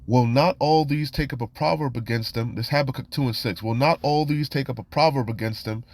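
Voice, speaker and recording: Speaking a little fast in a mid-range voice, this preacher reads verses aloud and unpacks them in a laid-back, streetwise way. "You know" and "man" come up constantly.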